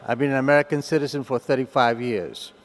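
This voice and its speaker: A man's voice: mid-range voice, quick pace. A man in his sixties telling his personal story to a meeting audience, with joking, conversational asides. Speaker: speaker at a recovery meeting. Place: meeting hall. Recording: long hall reverb.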